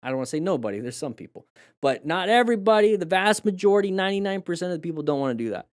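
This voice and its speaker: A slightly high-voiced man talks riders through crash footage in a loose live-stream coaching style. He hammers key phrases again and again and plays out a rider's panicked reactions to make his point. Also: sing-song, rapid-fire. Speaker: motorcycle riding coach. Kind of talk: live crash-video review, casual coaching.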